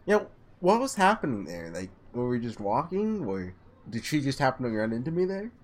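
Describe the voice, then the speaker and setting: Slightly hoarse man reading a visual novel. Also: medium pitch, huge pitch swings, moderate pace. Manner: casual, trips and restarts words while reading. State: voice a little sick, slightly hoarse. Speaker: let's player. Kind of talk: reading a visual novel aloud with casual commentary.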